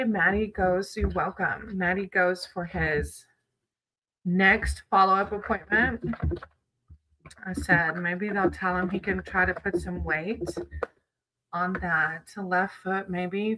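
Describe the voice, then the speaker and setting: A woman's voice: medium pitch, pushed and bright, slight background noise, poor audio. A woman chatting casually with viewers on a livestream, greeting them by name and reading tarot cards.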